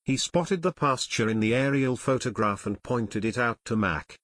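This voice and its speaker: A man narrating a children's mystery audiobook in measured storytelling. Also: mid-range voice, expressive, a bit bright, no echo, studio quality. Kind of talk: scripted narration.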